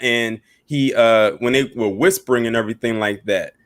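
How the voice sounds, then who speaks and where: A man co-hosts a relaxed pop culture conversation. He speaks in a loose, rambling way, filling his talk with "like" and "you know.". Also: mid-range voice, moderate pace. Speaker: co-host. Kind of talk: casual pop culture podcast chat.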